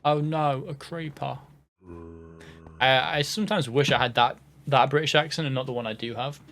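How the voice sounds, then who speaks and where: A man's voice: mid-range voice, fast talker, a bit bright, slight background noise. A man from the UK rambling through casual gameplay commentary, jokey and self-mocking, sometimes sinking to a whisper. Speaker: gaming host.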